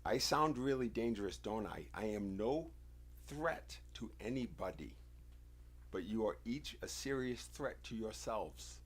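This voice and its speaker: A man from the United States hosting a livestream, giving an insistent, confrontational monologue with deliberate, emphatic phrasing. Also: lowish voice, lively intonation. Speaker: livestream host.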